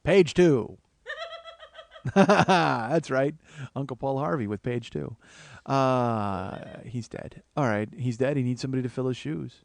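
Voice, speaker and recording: A man's voice: medium pitch, unhurried, vocal fry. A man hosting a comedy podcast, rambling profanely through a solo monologue and laughing at his own jokes. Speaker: podcast host.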